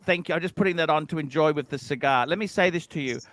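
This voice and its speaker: Male host, high and bright, blunt storyteller. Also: fast, dry recording. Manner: blunt storyteller, swears freely. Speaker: livestream host. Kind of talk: casual chat.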